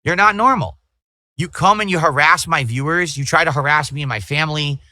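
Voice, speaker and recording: A man on a livestream lectures his chat in an indignant, repetitive rant. His voice sits a little high and has a bright, tense edge, and the sound is dry. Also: a little fast, dry recording. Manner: indignant, lecturing, repeating himself. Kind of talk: ranting livestream talk.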